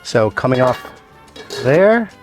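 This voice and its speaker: A man at a middle pitch hosts a cooking demonstration as a chef. He explains each step in a relaxed, conversational way and drops in playful little asides. Faint music plays quietly behind him. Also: takes it slowly. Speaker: chef and show host.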